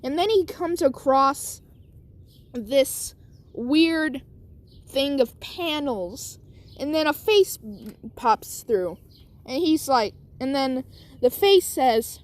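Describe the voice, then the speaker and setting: A woman's voice: sits high, animated, slow pace, pauses often. A woman casually telling an improvised story, rambling with lots of asides. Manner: rambling, many fillers and asides.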